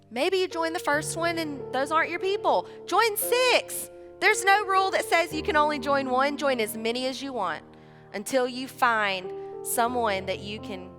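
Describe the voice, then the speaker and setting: A woman, preaching a sermon in a chatty, animated way and acting out little bits of dialogue. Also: high-pitched. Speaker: church speaker. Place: large church hall. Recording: live church hall, reverberant, music behind.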